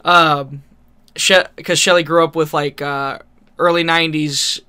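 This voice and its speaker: A man's voice: on the high side, fairly even intonation, a little slow, sharp tone, clean tone. A man co-hosting a podcast, telling a rambling story in casual chat, laughing often and swearing freely. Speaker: podcast co-host.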